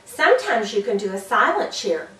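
A woman's voice: on the high side, very animated, normal speed, sharp tone, roomy sound, far from the mic, rough recording. A woman demonstrating classroom cheers for teachers, bouncy, with whoops and sound effects. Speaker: early childhood teacher trainer.

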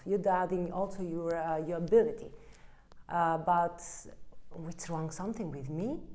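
A woman's voice: mid-range voice, warm tone. A woman with an Italian accent giving a direct-to-camera tarot reading, blunt and emphatic, with broken English. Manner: blunt and emphatic, acts out the listener's inner voice. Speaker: tarot card reader.

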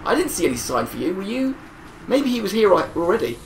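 Gamer rambling through a match, laughs a lot, mid-pitched voice, echoey room. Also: very animated, quick pace, a little hiss or hum. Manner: chatty and rambling, laughs often. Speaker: gameplay commentator. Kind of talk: casual gameplay commentary. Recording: roomy echo.

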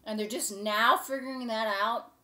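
A woman's voice: fairly high pitch, steady tone, normal speed, bright, forceful tone. A woman hosting a casual cooking show, chatting to camera in a gushing, rambling way.

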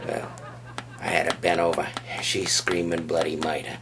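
A very low, gravelly male voice that drawls through a profane stand-up routine at an unhurried pace. The live recording carries plenty of noise behind him. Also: completely flat delivery. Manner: profane, drawling, rough-edged delivery. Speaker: stand-up comedian. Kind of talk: crude stand-up set. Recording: noisy live club recording.

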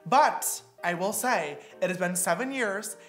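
A man's voice: sits high, expressive, unhurried, a bit bright, echoey room, soft background music. A young man doing reaction commentary on his old videos, sarcastic and self-mocking, often laughing. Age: young adult.

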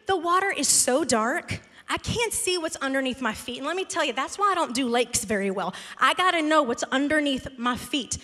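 A woman pastor telling a self-mocking story in a lively sermon. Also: sits high, moderate pace. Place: church sanctuary. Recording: large hall with long reverb.

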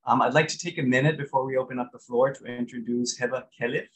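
Man, webinar moderator, polite, hesitant fillers, monotone. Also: medium pitch, fast, rough recording.

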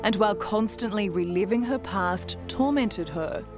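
Australian woman narrating over music. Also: mid-range voice. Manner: measured, polished delivery. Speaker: reporter. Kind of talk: scripted TV narration.

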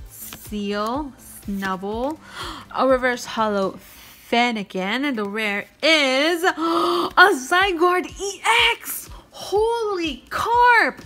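Bright, unhurried woman vlogger opening card packs. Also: on the high side. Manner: chatty and self-joking, bursts into gasps of excitement. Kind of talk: casual pack-opening chat.

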